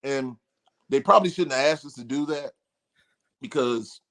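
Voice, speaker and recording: A man appears as a podcast guest, casually and animatedly telling stories from the road. His voice sits at medium pitch and moves at a moderate pace, rising when he acts out quotes.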